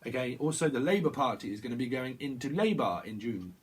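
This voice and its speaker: A man's voice: medium pitch, expressive, fast talker, husky. A man giving a rambling tarot reading, talking to himself, repeating words and breaking off mid-thought. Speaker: tarot reader.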